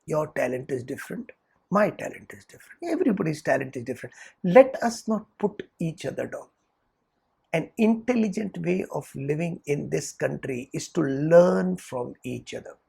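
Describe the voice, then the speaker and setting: Brief: spiritual lecturer, deep fry and heavy rasp throughout, earnest, rhetorical asides. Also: expressive, moderate pace, mellow. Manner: earnest, checks in with rhetorical "hmm?" tags. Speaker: spiritual teacher. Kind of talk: lecture on scripture.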